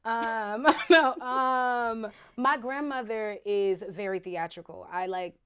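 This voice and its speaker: A woman's voice: a little high, slow, a little hiss or hum. A woman from Virginia with a shifting Southern accent, telling stories as a guest in a casual interview, acting out quotes with laughter. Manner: animated storytelling with voiced quotes and laughter. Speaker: actress guest.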